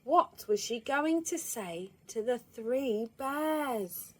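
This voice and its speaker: A woman reads a children's story aloud, slow and expressive. Her voice sits on the high side and swings widely in pitch. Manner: expressive, lively.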